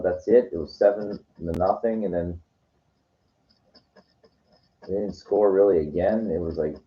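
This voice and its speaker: A man talking in a loose, rambling way, full of "you know" and "like" with frequent restarts. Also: deep voice. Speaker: weekend vlogger. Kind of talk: casual rambling monologue. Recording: dull lo-fi recording.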